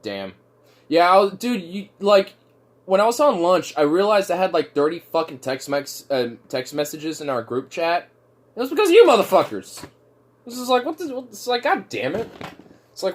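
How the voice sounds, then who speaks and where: A loose, swearing young man with a slightly high voice, chatting casually to his viewers and laughing often. He rambles and drifts between topics. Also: animated, normal speed.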